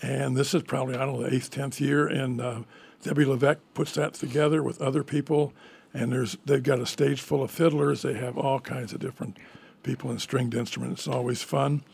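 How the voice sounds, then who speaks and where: Male guest, gravelly and husky, a little hoarse; easygoing, rambling, dry self-mocking humor. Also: medium pitch, little pitch movement, fairly quick, darkish tone. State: frog in his throat. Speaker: event organizer guest. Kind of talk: casual radio interview.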